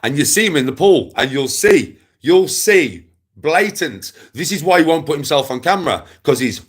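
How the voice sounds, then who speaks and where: A man's voice: on the high side, expressive, normal speed, breathy edge. A man, ranting casually to camera in a mocking, taunting way, repeating his jibes and breaking into laughs. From West Midlands, England. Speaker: vlogger.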